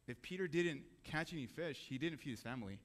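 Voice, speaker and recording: A man's voice: a little high, animated, a little fast. A man giving a sermon in a church, talking casually and asking the audience questions. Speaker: preacher.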